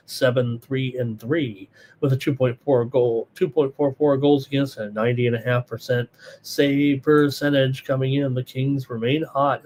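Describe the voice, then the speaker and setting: A middle-aged man hosts a live sports betting stream, talking straight to his viewers. He rambles through his picks and the chat, with plenty of fillers and false starts. His voice sits at a middle pitch for a man. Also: darkish tone. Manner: rambling, many fillers and restarts, chatty. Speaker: sports betting show host. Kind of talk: live solo betting analysis, reading chat.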